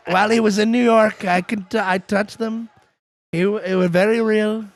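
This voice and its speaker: A man's voice: high voice, steady tone, moderate pace, no room sound, lightly acted. A man doing a boastful, bragging male public figure who repeats his own claims.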